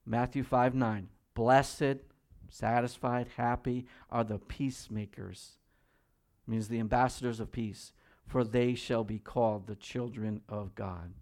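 A man preaching a sermon as pastor in a church, swinging between loud pleading and hushed prayer. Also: medium pitch, fairly even intonation, measured pace.

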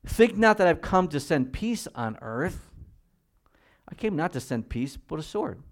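A man preaching a sermon as pastor, reading scripture slowly and swinging between quiet, measured emphasis and loud, high-pitched exhortation. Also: very animated. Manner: reads scripture slowly and deliberately.

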